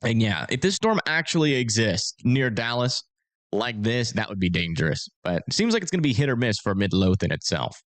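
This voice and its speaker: A man's voice: mid-range voice, big pitch swings, a little fast, no echo. A man hosting a casual livestream, chatting with viewers and talking through storm forecasts in a rambling, filler-heavy way.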